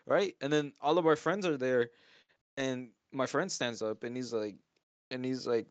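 A young man, a podcast co-host, telling a casual story in loose slang with halting restarts. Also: medium pitch, no echo. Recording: dry, dull lo-fi sound.

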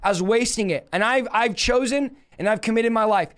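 A young man preaching on a livestream, energetic and emphatic, reading scripture and exhorting his viewers. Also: high-pitched, normal speed, smooth. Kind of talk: livestream Bible teaching.

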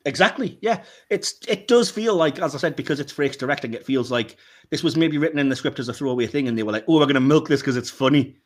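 Animated man ranting and laughing. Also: quick pace. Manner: animated, laughs often, rants with rising pitch. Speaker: podcast co-host. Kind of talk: casual chat.

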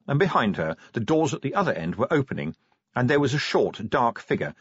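Man, audiobook narrator, husky low voice, wry dramatic storytelling, dry slightly dull recording. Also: big pitch swings, brisk, no room sound. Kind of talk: scripted narration.

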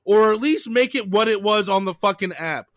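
Heated, profane, higher-voiced podcast man. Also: moderate pace, fairly bright tone, no echo, clean studio sound. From Canada. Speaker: podcast co-host. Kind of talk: casual chat.

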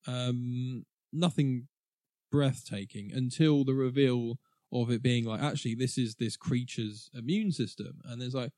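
With a clean studio sound and no room tone, this man's mid-range, darkish voice moves a little slowly. He co-hosts a podcast, loosely chatting through a film review and frequently breaking into laughter.

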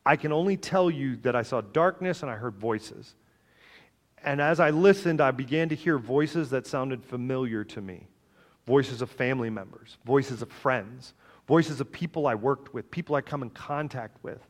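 Male pastor, mid-pitched, animated sermon delivery, joking, loud and soft swings. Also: moderate pace.

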